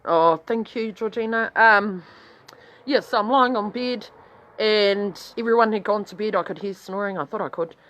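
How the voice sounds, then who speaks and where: A woman's voice: mid-range voice, normal speed, lo-fi sound. A woman with a New Zealand accent telling a crude story in a casual vlog, swearing constantly and rambling, her voice jumping up when she gets worked up. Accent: New Zealand English. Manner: heavy swearing, blunt and rambling; animated, voice jumps up when excited. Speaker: vlogger.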